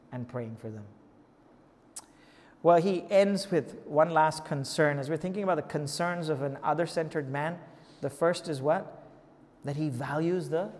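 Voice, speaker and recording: A man's voice: on the high side, big-room sound. A man preaching a sermon, asking rhetorical questions and building to emphatic exhortation. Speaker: pastor.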